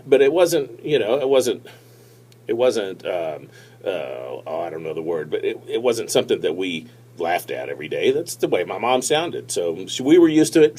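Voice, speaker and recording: A man giving casual tips on presenting, talking to a tablet camera in a relaxed, rambling way with many fillers and restarts. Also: on the low side, breathy edge. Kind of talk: casual instructional talk to camera. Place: seated, recording on a tablet. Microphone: tablet's built-in mic.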